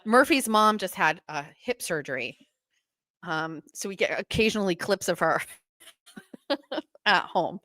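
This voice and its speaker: A woman's voice: fairly low pitch, a little slow, pauses often, no room sound. Chatty woman podcast host, dry sound. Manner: chatty, gossipy, animated with laughs. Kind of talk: casual chat.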